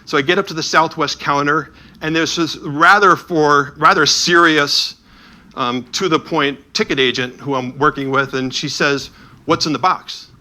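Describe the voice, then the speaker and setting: Man telling lively stories, bright voice. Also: on the high side, normal speed. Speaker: presenter of an illuminated Bible. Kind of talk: storytelling talk with slides.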